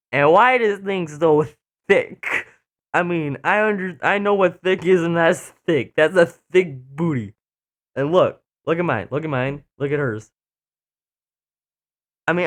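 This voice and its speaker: A young man hosting a reaction video, rambling and mocking himself as he comments. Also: a little high. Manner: rambling, self-mocking, stumbles over words. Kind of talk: casual commentary.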